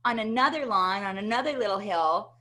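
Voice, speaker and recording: A woman guest in an interview, telling a personal story with animated energy and often checking in with "right?". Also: medium pitch, fairly quick. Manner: animated, tags many sentences with "right?". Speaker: interview guest, motivational speaker.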